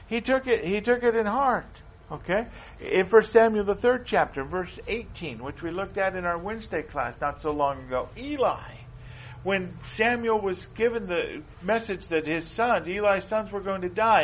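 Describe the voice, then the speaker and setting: A man's voice: high voice, animated, moderate pace, a bit bright, rough recording. A man preaching a sermon in an earnest way, often repeating himself and reading scripture aloud.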